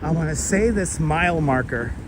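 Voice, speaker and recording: A man hosts a casual walking live stream and chats easily with viewers and the animals he passes. His voice sits high, and he talks through a clip-on mic. Clear street traffic and wind noise surround him outdoors. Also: lively intonation, normal speed. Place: outdoors on a city street at sunset. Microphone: wireless clip-on mic.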